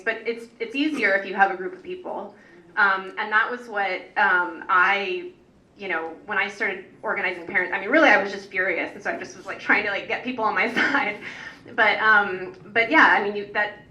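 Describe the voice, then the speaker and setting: Bright and forceful, her mid-range voice carries through an echoey hall to a distant mic. She is a parent organizer speaking off the cuff on a public panel, earnest and meandering, full of fillers and false starts.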